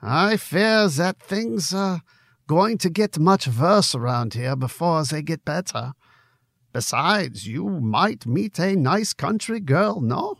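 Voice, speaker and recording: A man's voice: fairly high pitch, lively intonation, slow, creaky, a bit bright, dry recording, studio quality, voice pushed up, heavily acted. A man putting on a jovial German tavern keeper. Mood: teasing. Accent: put-on German.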